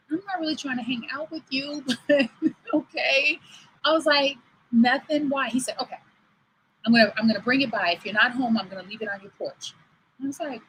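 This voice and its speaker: A woman in her forties or older hosts her own livestream, talking straight to viewers in a slightly high voice. She tells stories in a chatty way and acts out the lines people said to her. A faint hiss runs under the stream mic. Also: a bit bright, poor audio. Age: over 40. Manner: chatty storytelling, acts out quoted dialogue. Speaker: host. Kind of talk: livestream talk. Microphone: livestream computer mic.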